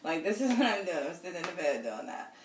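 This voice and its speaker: A woman's voice: lowish voice, very animated, quick pace. A woman in her thirties casually telling a personal story, rambling with lots of fillers. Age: 30s. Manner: chatty, rambling, many fillers and laughs. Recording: roomy echo, distant from the mic, faint noise.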